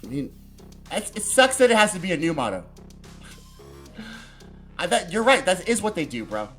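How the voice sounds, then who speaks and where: A man hosts a casual political show, ranting with plenty of profanity. His pitch leaps up and down in a lively way, and faint music plays underneath. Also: moderate pace. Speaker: podcast host.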